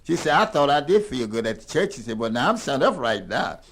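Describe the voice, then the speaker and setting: An older man telling a rambling tall tale in a folksy, animated drawl. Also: medium pitch, fairly quick, slight background noise. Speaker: storyteller.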